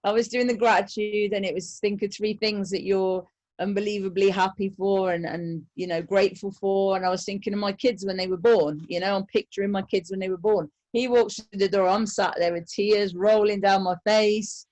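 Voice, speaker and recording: A woman's voice: medium pitch, steady tone, normal speed, a little mellow. Hesitant woman guest in casual chat. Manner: hesitant, many fillers and restarts.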